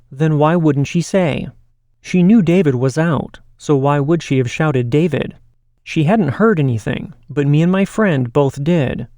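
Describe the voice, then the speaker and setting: A man hosting a podcast and reading listener stories aloud in a steady, measured way. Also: a little high, no echo, clean studio sound. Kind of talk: scripted podcast narration.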